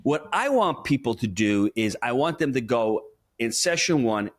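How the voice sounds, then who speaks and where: Animated, emphatic male money coach. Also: medium pitch, moderate pace. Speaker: money coach and podcast guest. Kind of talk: conversational interview.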